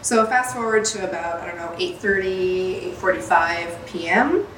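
A woman's voice: fairly low pitch, moderate pace, far from the mic, noisy background. A woman, a salon owner hosting a podcast, telling a story with lots of swearing and laughter. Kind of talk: casual storytelling chat. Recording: roomy, off-mic with faint ambience.

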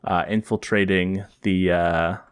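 A man's voice: low-pitched, fairly even intonation, slow pace, smooth, no room sound, clean studio sound. A man co-hosting a podcast, chatting casually about comics, thinking aloud with restarts and easy chuckles. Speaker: podcast co-host. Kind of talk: casual comic book discussion.

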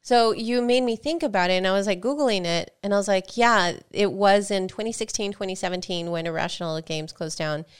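A woman's voice: mid-range voice, brisk, few pauses, clean tone. A woman co-hosting a gaming podcast, chatting casually and telling stories with quoted back-and-forth. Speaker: podcast co-host. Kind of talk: casual chat.

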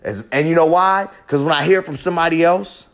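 A man's voice: on the high side, quick pace. A man hosting a podcast, delivering a raw, profane, rambling confessional monologue with real passion. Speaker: podcast host.

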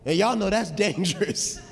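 A man preaching a livestreamed sermon in an animated, conversational way that at times drops into soft, pleading prayer. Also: fairly high pitch, big-room sound. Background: loud worship music.

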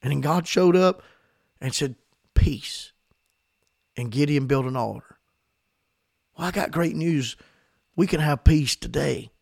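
Fervent preacher man with a gravelly voice. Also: on the high side, a little slow, long pauses, a little mellow, dry recording, clean studio sound. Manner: fervent, emphatic preaching with repetitions. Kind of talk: sermon.

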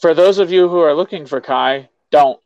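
A man's voice: fairly high pitch, normal speed, darkish tone, clean tone, no echo, dull audio. Teasing New man, dry close sound. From New York State, USA. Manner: teasing, swears freely. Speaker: podcast host. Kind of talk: casual chat.

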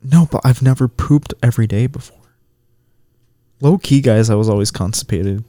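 A man's voice: medium pitch, moderate pace, dark tone, no room sound, clean studio sound. A young man co-hosting a podcast, chatting casually and candidly, often laughing. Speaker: podcast co-host.

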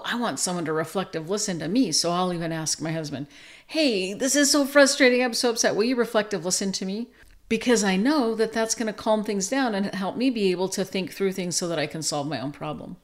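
An older woman, a grandmother, teaching a lesson on listening skills and acting out gentle example dialogue. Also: medium pitch. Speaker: parenting and relationship educator. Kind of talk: teaching talk with acted examples.

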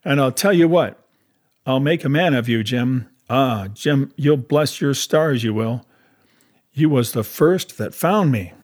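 Brief: a man playing an excitable, rambling old marooned sailor in an audiobook, rustic talk, raised pitch and volume. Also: a little slow. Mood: excited. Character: half-crazed marooned old male castaway, excitable and rambling. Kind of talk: audiobook character voice.

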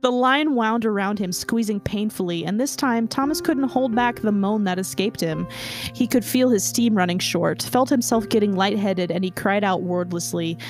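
A woman's voice: mid-range voice, normal speed, soft background music. A woman podcast host reading fan fiction aloud in a mock-dramatic way, prone to laughing. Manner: breaks into laughter, deadpan narration.

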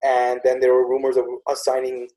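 Male host, dark mellow tone, animated storyteller, acts out quotes. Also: medium pitch, a little fast, rough recording. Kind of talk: casual chat.

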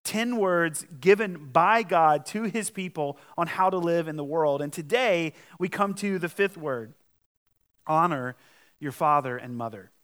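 A man's voice: a little high, a little slow, a bit bright. A man, the lead pastor, preaching a sermon in a conversational storytelling manner.

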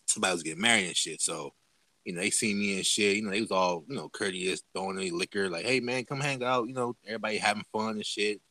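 A man's voice: sits low, fast talker, sharp tone, no echo. A man casually telling a profane story to friends on a podcast, acting out the people he quotes with big jumps in his voice. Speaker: podcast host.

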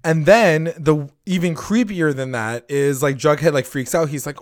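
A man's voice: a little high, moderate pace, no echo, clean studio sound. Casual swearing male podcast recapper. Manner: animated, swears a lot, acts out characters' lines. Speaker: podcast host recapping a TV episode. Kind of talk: casual chat.

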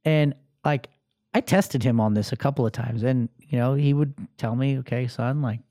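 Casual male storyteller, thirties, warm and mellow, dry close sound. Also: medium pitch, normal speed, dry recording. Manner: animated, acts out voices, many fillers. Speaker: podcast host telling a story.

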